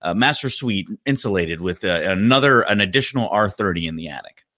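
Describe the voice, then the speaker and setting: A man's voice: sits low, expressive, a little fast, bright, forceful tone, no room sound, studio quality. A man mimicking a frustrated male homeowner who is complaining about his air conditioning. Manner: complaining, exasperated.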